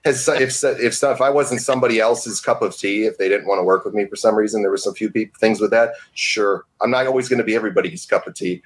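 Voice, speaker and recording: A man's voice: fairly low pitch, fast talker, few pauses, breathy edge. A man on a casual podcast, talking back insistently and defensively, repeating his points. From upstate New York.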